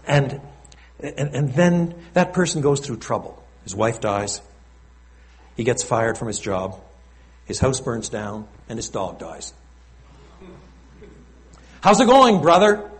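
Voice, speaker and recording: A male pastor preaching a sermon in an animated, conversational way, with frequent asides to the congregation. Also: mid-range voice, a little slow.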